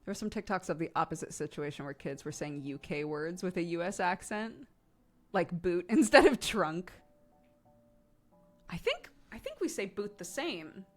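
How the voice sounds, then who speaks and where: A woman's voice: lowish voice, expressive, moderate pace, faint music behind. An American woman in her thirties chatting casually with her stream chat, with lots of laughter and fillers like "um" and "like.". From United States.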